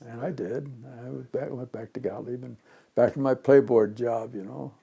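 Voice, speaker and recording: A man in his nineties from Chicago, an interviewee and retired pinball designer telling memories in a rambling, animated way, acting out the voices of people in his stories. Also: mid-range voice, moderate pace, gravelly, slightly rough. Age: 90s. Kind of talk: reminiscing storytelling.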